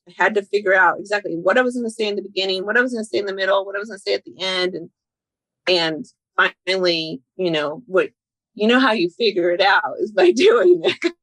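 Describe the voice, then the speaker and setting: A woman's voice: medium pitch, expressive, fast talker, a bit bright, no room sound, poor audio. Candid, laughing woman guest, dry close sound. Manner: candid, self-deprecating, laughs often. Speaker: podcast guest. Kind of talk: casual conversation.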